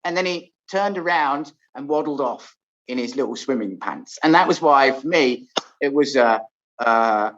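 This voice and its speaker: A man from England hosts a loose, casual chat and tells stories in a lively, laughing way. His pitch swings widely as he talks. The recording sounds dull and lo-fi. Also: moderate pace. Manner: lively storytelling with frequent laughs. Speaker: host.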